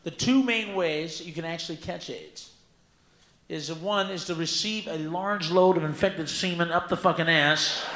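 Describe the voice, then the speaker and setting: Loud, profane man doing stand-up. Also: fairly high pitch, moderate pace. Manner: loud, profane, bursts into shouting. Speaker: stand-up comedian. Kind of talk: stand-up comedy set. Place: live comedy stage. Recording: echoey live venue with room noise.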